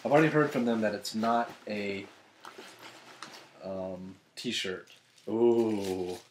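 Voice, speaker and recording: Male vlogger, low voice, rambling and excitable, home recording with faint background noise. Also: slow pace. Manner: excitable, rambling, self-deprecating jokes. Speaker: author unboxing fan gifts. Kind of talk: casual unboxing vlog. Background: thunder and a dog's collar.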